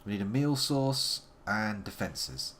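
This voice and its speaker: A man's voice: lowish voice, lively intonation, slow, a bit bright, a little hiss or hum. A man giving playful, wordy live commentary on a game he is playing, making theatrical asides to his chat. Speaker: live-streaming game player.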